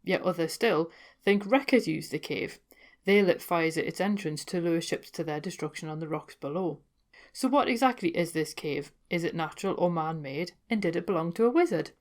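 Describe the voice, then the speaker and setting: A woman's voice: on the low side, expressive, moderate pace. A woman hosting a folklore podcast, telling legends in a chatty way with wry asides. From North East England. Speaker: podcast host. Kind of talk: casual folklore storytelling.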